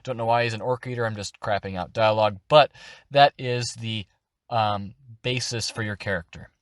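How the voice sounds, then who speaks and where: A young adult man explaining voice acting in a relaxed, instructive tutorial. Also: on the low side, moderate pace, no echo, studio quality. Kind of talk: casual tutorial.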